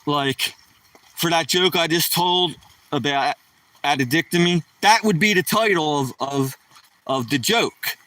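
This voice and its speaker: Man, middle-aged, casual live stream chat, joking and rambling, bright slightly high voice. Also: measured pace, no room sound. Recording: voice somewhat far from the mic.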